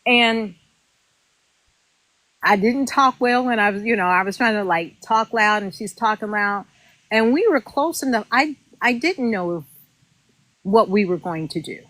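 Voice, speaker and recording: A woman, a former reality show contestant, telling her story in a casual interview, animated and indignant, acting out what others said. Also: mid-range voice, unhurried, long pauses, no room sound, poor audio. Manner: animated and indignant, acts out quotes.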